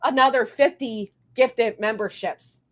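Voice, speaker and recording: A woman's voice: fairly high pitch, measured pace. Brief: fired-up, foul-mouthed woman live streamer, blunt rants mixed with thank-yous to members. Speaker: livestreamer. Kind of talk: live stream rant and member shout-outs.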